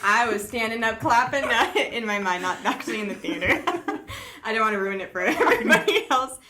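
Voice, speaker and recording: A woman's voice: a little high, big pitch swings, normal speed, background noise. A woman co-hosting a fan podcast in casual chat, laughing often and talking with enthusiasm. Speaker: podcast co-host.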